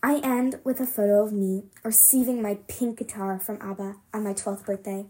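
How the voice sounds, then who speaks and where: A woman reading a novel aloud for a podcast, expressive first-person reading with small slips. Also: mid-range voice, normal speed. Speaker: podcast reader.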